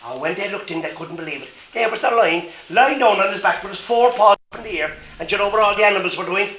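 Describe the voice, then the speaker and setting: A storyteller from Cork, Ireland, telling a story to children in a lively way and asking them questions. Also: mid-range voice, fast talker. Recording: roomy echo.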